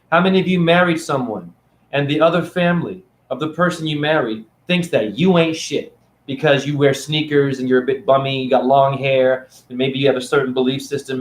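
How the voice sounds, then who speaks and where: Recorded on a phone camera in an echoey room with a little hiss or hum, a spiritual teacher gives a casual monologue to camera. His mid-range voice carries a rambling, playful, preachy teaching style.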